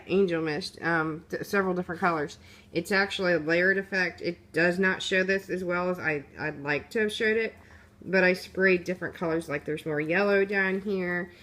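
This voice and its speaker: A woman with a slightly low voice walks through her craft project in a casual, rambling way. She talks off the cuff with plenty of fillers and restarts and sounds a little sleepy. It is recorded on a phone at home. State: sleepy, yawning. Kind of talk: casual show-and-tell walkthrough. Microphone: phone camera.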